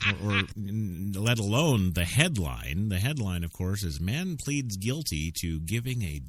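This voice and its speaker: A man's voice: on the low side, very animated, measured pace, heavy background noise. A male radio host reading quirky news stories in a mock-pompous, joking way. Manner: mock-pompous, laughing between items. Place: radio studio.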